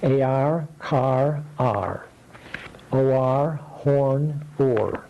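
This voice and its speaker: A man teaching phonics, slowly sounding out letters, keywords and blends and patiently explaining how to shape each sound. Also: medium pitch, vocal fry, mellow, lo-fi sound. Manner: patient, deliberate, explains mouth positions. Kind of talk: slow instructional drill of letter sounds. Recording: faint background noise.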